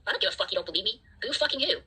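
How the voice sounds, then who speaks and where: A woman's voice: medium pitch, expressive, racing, pushed and bright, breathy edge, poor audio. A woman hosting a livestream, ranting at her chat in an angry, profane, defiant way. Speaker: livestream host.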